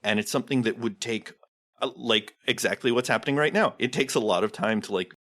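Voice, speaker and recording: A man's voice: medium pitch, fairly quick, fairly bright tone. A man guesting on a podcast, explaining game design in a thoughtful, casual way and leaning on lots of "like" fillers. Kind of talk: casual chat about tabletop games.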